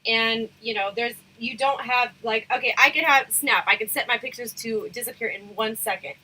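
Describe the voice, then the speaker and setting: A woman hosting a casual livestream chats frankly, rambling through fillers. Her voice sits a little high and bright, with a husky edge as she starts losing it. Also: moderate pace, poor audio. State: losing her voice, throat irritated. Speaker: livestream host.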